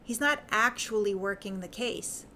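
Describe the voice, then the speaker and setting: A brisk, teasing young lady detective from a period audiobook tale, impatient and quick to explain. A woman voices her in her own voice. Her talk is brisk and a little sharp. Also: medium pitch, slight background noise. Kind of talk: fan fiction audiobook reading.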